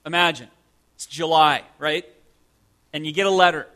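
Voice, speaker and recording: A man's voice: fairly high pitch, steady tone, moderate pace, pushed and bright. A man preaching a sermon as pastor, stressing single words and asking the listeners rhetorical questions.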